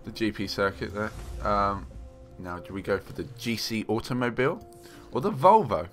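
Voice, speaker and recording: A man casually commentating his own racing game play, excitable, joking and rambling. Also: lowish voice, normal speed, faint music behind, poor audio. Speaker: games journalist playing and commenting.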